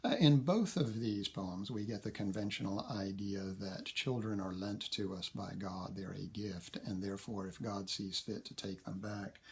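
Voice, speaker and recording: A man lecturing on poetry, thinking aloud with frequent fillers and self-corrections, and reading verse slowly while tapping out its meter. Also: deep voice, vocal fry, husky. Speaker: literature lecturer. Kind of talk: recorded lecture.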